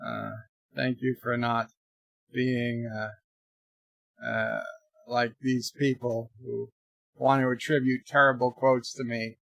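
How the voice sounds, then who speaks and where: Bright-voiced man hosting a casual stream. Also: medium pitch, little pitch movement, slow, vocal fry, long pauses, dry recording. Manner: rambling, putting on silly accents. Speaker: livestream host. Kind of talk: casual chat reading viewer questions. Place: home.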